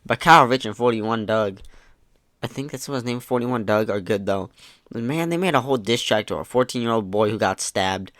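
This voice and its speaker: A man's voice: lowish voice, normal speed, a bit bright, no room sound, clean studio sound. A man giving laid-back, sarcastic commentary as he reads out online messages, swearing casually and mocking what he reads. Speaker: YouTube commentator.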